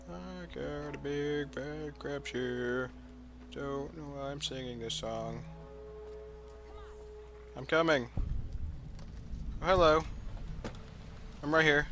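A young man giving goofy, excitable commentary while playing a video game and talking to himself. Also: mid-range voice. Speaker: let's play gamer. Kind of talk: casual gameplay commentary.

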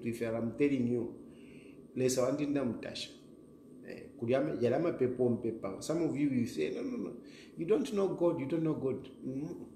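A man's voice: mid-range voice, dark tone. A middle-aged man with a Zambian accent delivers a fiery political monologue straight to camera, hammering points again and again and slipping into Bemba. His voice sits in a middle register and rings in a reverberant room over a faint background hiss. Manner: combative, repetitive, emphatic; switches between English and Bemba. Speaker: political commentator, show host.

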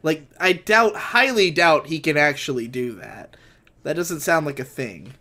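A man's voice: on the high side, lively intonation, a little slow, pushed and bright. A man co-hosting a casual comedy podcast, wisecracking and laughing often. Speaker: podcast co-host.

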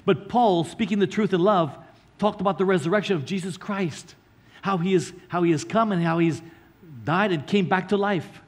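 A male pastor preaching a sermon, earnestly explaining scripture line by line and slowing down to stress key words. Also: sits high.

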